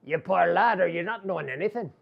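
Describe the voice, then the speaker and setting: A knowing little fairy man with an Irish lilt explains gently and softly, as an Irish storyteller puts him on. He sounds patient and kindly, like a fairy in a spoken storybook. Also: high-pitched, lively intonation, fast, creaky, dull audio, full character voice. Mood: explaining.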